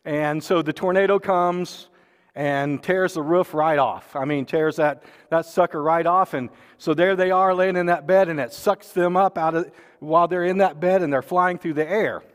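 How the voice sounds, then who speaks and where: A man's voice: a little high, steady tone, normal speed, clear, resonant tone, big-room sound. A man preaching a sermon and making church announcements, folksy and joking, with many fillers and restarts. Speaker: pastor.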